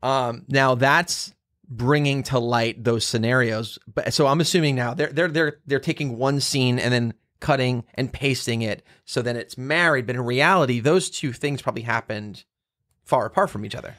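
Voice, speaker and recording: A male host leads a casual interview with eager, rambling questions full of restarts. His voice sits at a middle pitch, and the sound is dry and close with no room echo. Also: moderate pace, fairly bright tone. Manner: eager, lots of fillers and restarts, frequent reactions. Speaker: podcast host.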